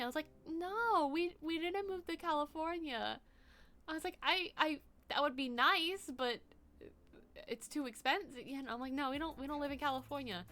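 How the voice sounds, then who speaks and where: A woman's voice: high-pitched, expressive, normal speed, long pauses, sharp tone, soft background music. A young woman from the US East Coast, a streamer chatting casually, rambling with lots of "like" and swearing. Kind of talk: casual chat.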